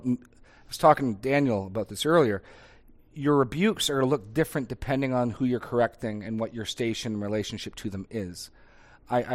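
This is a middle-aged man of ordinary pitch, speaking as a pastor in a casual discussion. He thinks aloud, circling back with small restarts and tag questions.

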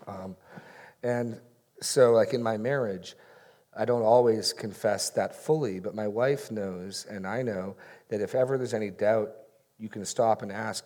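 A man's voice: medium pitch, moderate pace, darkish tone. Conversational man preaching a sermon. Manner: conversational, self-deprecating, acts out dialogue. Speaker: pastor. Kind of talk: sermon with audience Q&A.

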